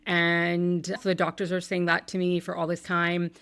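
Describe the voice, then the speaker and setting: A woman's voice: lowish voice, monotone, moderate pace, a bit bright, smooth, no room sound. A woman podcast host in her thirties telling a painful personal story, candid and emotional, with some swearing.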